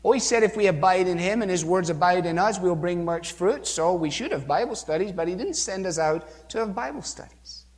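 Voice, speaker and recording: A man's voice: sits high, expressive, brisk, hardly any pauses. A man preaching a sermon, emphatic, with rhetorical questions and acted-out quotes, recorded in a church with a long reverb.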